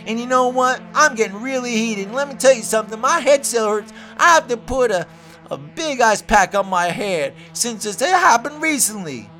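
A woman host gives a rambling comic monologue. Her voice sits high and sounds bright and sharp. She keeps repeating herself, excitable and off on tangents. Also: moderate pace, faint music behind. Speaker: host of her own show. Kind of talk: comedic ranting monologue.

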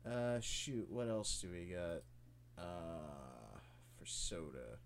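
A man chats on a casual podcast, blunt and quick with a joke. His pitch swoops around in a lively way. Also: a little hiss or hum. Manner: blunt, joking. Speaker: podcast host.

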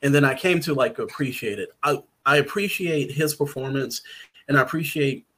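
Podcast guest, male writer, mid-pitched, rambly and hesitant. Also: moderate pace, pushed and bright. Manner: rambling, hesitant with many fillers and restarts. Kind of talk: casual podcast chat.

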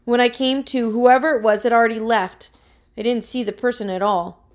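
A woman's voice: a little high, steady tone, normal speed, close to an everyday voice. Storybook role: woman reads a nervous young musician pleading his innocence, earnest and worried. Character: anxious young man, a struggling musician accused of theft.

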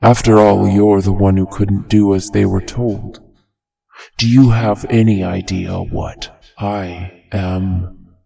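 A storyteller voicing an ancient, huge serpent-faced monster god, speaking slowly in a deep, gravelly, mocking tone. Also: steady tone, dark tone, heavily acted. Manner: slow, menacing, mocking. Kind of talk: storybook reading.

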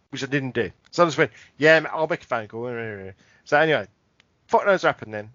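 A man's voice: medium pitch, animated, quick pace, a bit bright, no echo, lo-fi sound. A man, co-hosting a podcast and rambling through a funny anecdote, laughing and swearing often. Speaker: podcast co-host. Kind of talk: casual chat.

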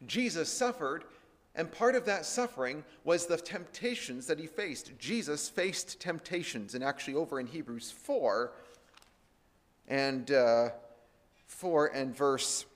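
A man teaching a Bible sermon, slowing and raising his voice when he reads scripture aloud. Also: a little high, expressive. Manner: slows and lifts his voice to read scripture aloud. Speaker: preacher. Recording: long hall reverb.

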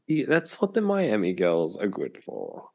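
A man's voice: fairly low pitch, huge pitch swings, unhurried, gravelly. A man co-hosting a podcast, chatting casually and dropping dry, wry remarks. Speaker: podcast co-host. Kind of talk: casual chat.

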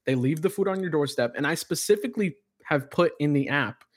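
Here's another podcast co-host, a man whose slightly high voice moves fairly quickly and carries a breathy edge. Full of energy, he spins stories in casual conversation and swears heavily.

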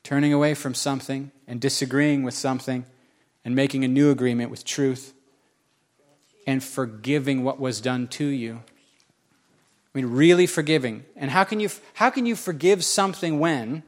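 A man's voice: medium pitch, fairly even intonation, normal speed, pauses often. A man preaching a sermon, telling a personal story with self-mocking humor and emphatic repetition. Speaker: pastor.

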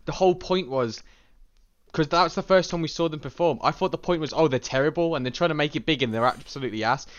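Blunt, animated man on a dull, lo-fi recording. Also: fairly high pitch, fast. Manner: blunt, animated, acts out quotes. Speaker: podcast co-host reviewing a film. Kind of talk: casual chat. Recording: dull lo-fi sound.

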